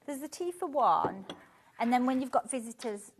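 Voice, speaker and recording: A woman co-presenting a live shopping show, enthusiastic and quick to exclaim. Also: high voice, lively intonation, slight background noise.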